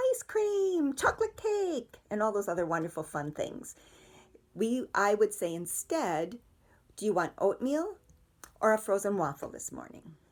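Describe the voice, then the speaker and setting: A middle-aged woman, calmly and patiently explaining parenting ideas with everyday examples. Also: medium pitch. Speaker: parenting educator. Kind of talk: instructional talk to parents.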